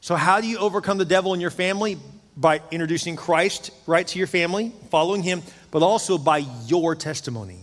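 A fiftyish pastor preaches a sermon in a church sanctuary, his male voice high, brisk and somewhat bright. He is emphatic and full of stories, his intensity rising and falling as he goes. The recording carries a long hall reverb.

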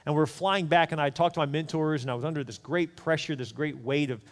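A man's voice: fairly high pitch, fairly quick, long reverb tail. A man preaching a sermon, telling a candid personal story in a chatty, conversational way, with asides to the congregation. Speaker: pastor. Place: church.

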